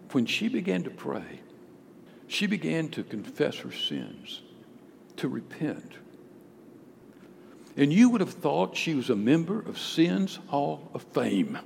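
A male pastor preaching a sermon, emphatic, swinging between loud declarations and hushed storytelling. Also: a little high, gravelly. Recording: long hall reverb with faint background noise.

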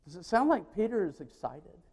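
A man preaching a sermon, retelling a story and acting out the voices, swinging between loud and hushed. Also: high-pitched, big pitch swings, brisk, breathy edge. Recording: long hall reverb.

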